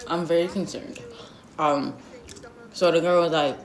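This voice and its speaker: A woman's voice: on the low side, steady tone, measured pace, pauses often. A young woman telling a storytime vlog in a blunt, sassy, slangy way, full of asides. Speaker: vlogger. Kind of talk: storytime vlog, casual gossip. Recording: roomy echo.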